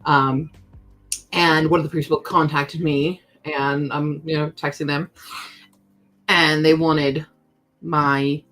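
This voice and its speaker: Chatty woman streamer, low-pitched voice. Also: fairly bright tone. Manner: chatty, laughs often, quick asides to chat. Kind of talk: casual live-stream chat.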